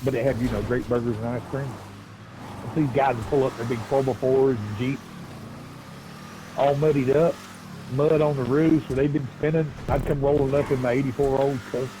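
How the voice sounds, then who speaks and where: A man's voice: mid-range voice, steady tone, moderate pace. Laid-back man streaming. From Southwest Virginia, USA. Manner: laid-back, rambling, folksy. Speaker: streamer and race host. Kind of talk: live game stream commentary. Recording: game car noise behind voice.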